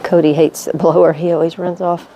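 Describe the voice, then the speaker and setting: A middle-aged woman chatting casually in her home woodworking shop, relaxed and rambling as she thinks aloud. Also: lowish voice, fairly quick, heavy background noise. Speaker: woodworking vlogger. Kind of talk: casual how-to chat.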